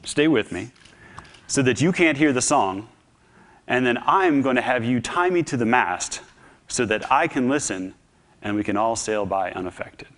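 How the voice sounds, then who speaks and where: A man's voice: mid-range voice, lively intonation, moderate pace, fairly bright tone, lightly acted. A man voicing a bold, reckless ancient Greek sea captain in theatrical quotes during a talk. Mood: scheming. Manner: theatrical storytelling quotes, commanding. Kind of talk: acted quotes within a public talk.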